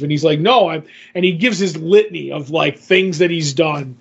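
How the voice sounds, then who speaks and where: A man's voice: fairly high pitch, normal speed, vocal fry, few pauses, husky, lo-fi sound. A man co-hosting a podcast, recapping a comic in casual chat, rambling with lots of fillers and restarts. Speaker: podcast co-host.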